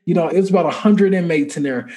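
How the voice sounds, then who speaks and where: A man with a somewhat high voice tells a personal faith story as a podcast guest. He talks casually and animatedly, with plenty of fillers, and acts out the dialogue as he goes. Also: fast talker, mellow. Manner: conversational filler-heavy speech.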